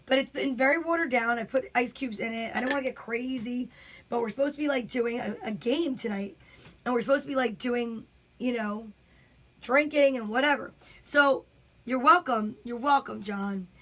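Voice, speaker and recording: Animated New woman comic, high voice, casual home storytelling. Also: moderate pace. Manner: animated, chatty, frequent asides. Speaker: comedian.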